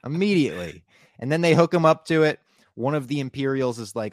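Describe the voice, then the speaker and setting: A man's voice: medium pitch, lively intonation, brisk, no room sound, studio quality. A man on a podcast recapping a TV episode in casual, enthusiastic talk, retelling scenes. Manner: enthusiastic, narrates scenes with acted quotes. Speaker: podcast co-host.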